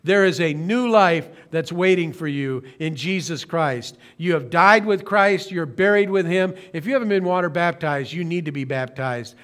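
Male pastor with a higher-pitched voice, earnest and slow-phrased sermon delivery, occasional self-corrections. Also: fairly bright tone. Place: church streaming service.

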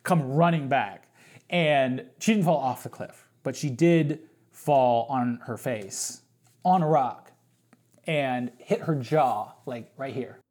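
A man's voice: medium pitch, slow, darkish tone. A man talking as a podcast guest, telling a long story in a casual, rambling way, full of fillers and restarts.

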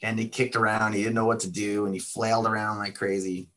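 Brisk and flat in delivery, this man has a fairly low, slightly bright voice. A middle-aged martial arts school owner on a podcast, he casually recounts stories in a relaxed, talkative interview.

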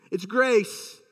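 A man's voice: high-pitched, long reverb tail. A man preaching a sermon as a pastor, emphatic and full of rhetorical questions.

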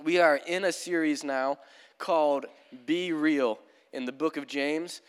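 Young pastor telling a story from the pulpit. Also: male voice, a little high, fairly even intonation, measured pace, smooth. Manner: casual, storytelling, frequent "like". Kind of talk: sermon. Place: church sanctuary. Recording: long church hall reverb.

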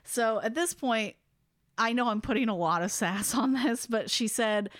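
A woman's voice: on the high side, moderate pace, dry recording, clean studio sound. A woman hosting a podcast, chatting casually as she retells a ghost story, often laughing. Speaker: podcast host.

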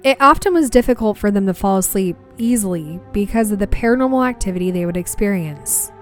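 A young woman narrating a personal ghost story from her family in an earnest, steady way. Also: mid-range voice, fairly quick, faint music behind.

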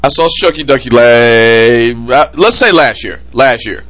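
A man hosting a casual podcast chat, excitable and prone to loud laughing outbursts. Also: mid-range voice, unhurried. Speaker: podcast host.

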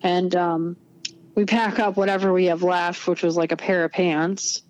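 A woman's voice: lowish voice, level tone, moderate pace, darkish tone, no room sound. A young woman telling her story as an interview guest, bluntly, with heavy filler words and free swearing. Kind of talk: casual storytelling. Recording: dull lo-fi, dry close sound.

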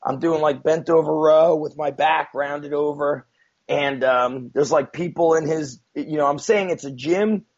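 A man telling a story as a guest in a casual, rambling way, with many fillers and frequent swearing, on a dull lo-fi recording. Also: fairly high pitch. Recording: dull lo-fi sound.

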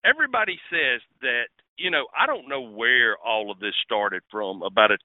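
A man's voice: mid-range voice, lively intonation, normal speed, dry recording. A man speaking as a guest on a talk show, blunt and passionate, and he swears freely. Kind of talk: casual talk show chat. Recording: phone-line, dry and tinny.

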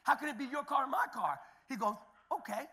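A middle-aged male pastor delivers a sermon in a strikingly high, bright voice. He tells stories in a loose, conversational way, repeating himself and restarting, then climbs into loud, shouted declarations. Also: animated, a little fast. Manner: swings from quiet storytelling to loud shouted preaching.

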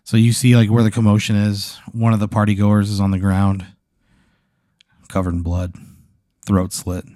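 A man's voice: lowish voice, flat delivery, normal speed, warm tone, no echo, clean studio sound. A man hosting a show, casually narrating a suspenseful hypothetical scene and building tension with sound details. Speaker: host running a hypothetical scenario. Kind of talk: casual improvised storytelling.

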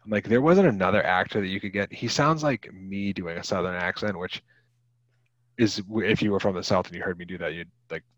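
A man's voice: low-pitched, fairly quick, a bit bright, no echo. A man in his thirties co-hosting a casual movie podcast, rambling with lots of fillers and restarts. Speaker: podcast co-host. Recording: dull lo-fi podcast mic.

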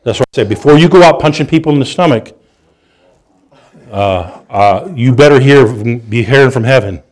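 A man preaching a sermon, telling stories with animated delivery, restarts and chuckles. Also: medium pitch, normal speed.

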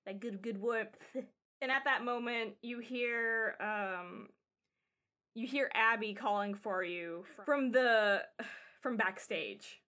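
High, slow-paced woman running a tabletop game. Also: pushed and bright. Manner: rambling, filler-heavy narration. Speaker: game master.

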